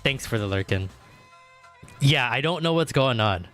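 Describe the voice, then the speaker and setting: A male streamer with a bright, sharp voice chats loosely while he plays, piling up fillers and restarts and swearing freely. Every so often he breaks into loud, excited outbursts. Faint music plays underneath. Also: medium pitch, moderate pace. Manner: bursts into loud excited exclamations. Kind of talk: casual livestream chat while gaming.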